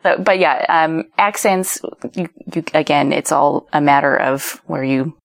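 A woman guest on a casual podcast, talking about speech technology in a halting, self-correcting way. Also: deep voice, vocal fry.

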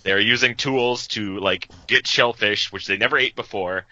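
Bright-toned man explaining things. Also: lowish voice, moderate pace, no room sound, dull audio. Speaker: podcast co-host. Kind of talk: casual chat.

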